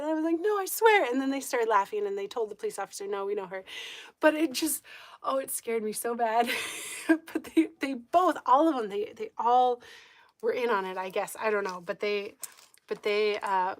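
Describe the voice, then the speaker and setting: A woman of middle pitch tells a story on her home live stream in an easy, chatty way. She is animated, laughs often and acts out what people said. The sound is close and dry. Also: dry recording. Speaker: homestead channel host.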